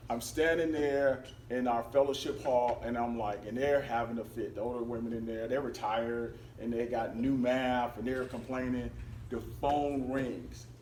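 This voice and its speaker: A man giving a storytelling talk at a club meeting, animated, laughing and acting out the quotes. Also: mid-range voice, normal speed, slight background noise. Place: meeting hall. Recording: roomy, distant mic, faint ambience.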